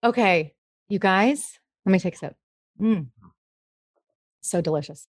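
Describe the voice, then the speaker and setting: A woman's voice: medium pitch, animated, unhurried, no echo, studio quality. A woman comedian chatting as a guest, bubbly as she tells a story. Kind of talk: casual chat.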